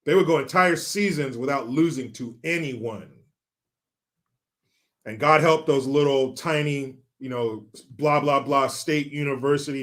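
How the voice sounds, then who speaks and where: A man's voice: mid-range voice, fairly bright tone. A man from California hosting a casual livestream, reading out viewer comments in a joking, chatty, profane way and laughing along. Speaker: livestream host.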